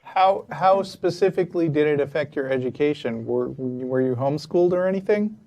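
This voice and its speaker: Mellow-voiced male call-in host. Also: a little high, a little fast. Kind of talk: hosting a call-in show.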